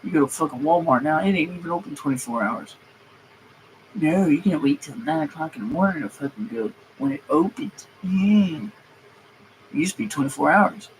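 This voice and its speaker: A man delivering a comedic rant on a stream, cursing constantly and sounding thoroughly fed up. His voice sits a bit higher than most men's, and a faint hiss lies under it. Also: lively intonation, normal speed, poor audio. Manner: profane, heated, griping. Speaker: streamer and mechanic. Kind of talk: comedic ranting monologue.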